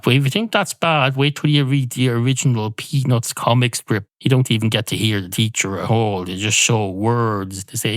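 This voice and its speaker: A man rambling through a deadpan comic monologue and drifting from tangent to tangent. His voice sits at an average pitch for a man. The sound is dry and close. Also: normal speed, few pauses, dry recording. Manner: deadpan, musing, digressive. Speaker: podcast host.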